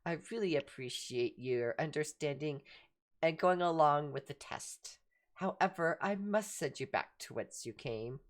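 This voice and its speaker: Casting: woman playing an enigmatic magic cat, polite and measured, low voice that swoops between notes. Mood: calm, formal. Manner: calm, formal, measured.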